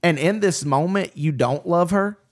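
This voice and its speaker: Pastor type, fairly high gravelly voice, earnest and lively, chatty podcast delivery. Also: male voice, moderate pace. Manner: earnest, animated storyteller with frequent restarts. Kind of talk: casual podcast discussion.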